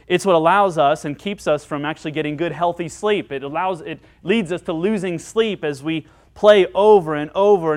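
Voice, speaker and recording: A man preaching a sermon as pastor, earnest and dynamic, moving between emphatic lines and hushed ones. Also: a little high.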